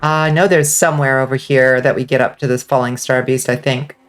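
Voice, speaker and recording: A woman streaming a game live, chatting casually and rambling with lots of fillers, now and then breaking into excited outbursts. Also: very deep voice, a little fast. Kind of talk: casual livestream chat while gaming.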